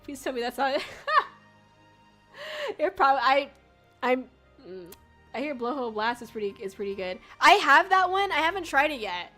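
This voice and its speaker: A woman's voice: high-pitched, big pitch swings, measured pace, long pauses, sharp tone, soft background music. A young woman streamer chatting casually with viewers, rambling with lots of fillers and swearing. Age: young adult. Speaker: VTuber streamer. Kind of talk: casual livestream chat with viewers.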